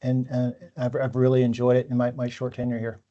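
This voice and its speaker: A man's voice: medium pitch, completely flat delivery, a little fast, dark tone, muffled recording. A man, a new employee, answering questions in a casual chat and often repeating words as he starts. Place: company office.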